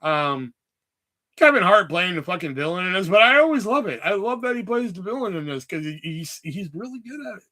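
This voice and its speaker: A man's voice: high voice, big pitch swings, a little fast, sharp tone. A man hosting a livestream, chatting casually about movies in a rambling, sarcastic way full of swearing. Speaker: livestream host.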